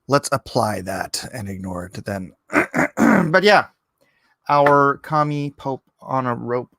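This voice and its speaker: A man's voice: medium pitch, animated, slow, gravelly, fairly bright tone, dry recording. A middle-aged man hosting a casual livestream from his home studio, rambling and joking as he fiddles with his camera setup. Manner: rambling, self-interrupting, jokey. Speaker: livestream host.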